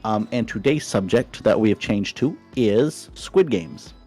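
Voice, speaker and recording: A man's voice: lowish voice, expressive, a little slow, darkish tone, faint music behind. A man co-hosting a streamed chat podcast, jokey and chatty. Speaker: podcast co-host.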